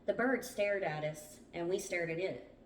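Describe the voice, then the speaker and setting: Speaking in a lowish voice at a moderate pace, a book club host reads a survival memoir aloud, plainly and with a few small stumbles. She sounds distant from the mic in a roomy space, with slight background noise.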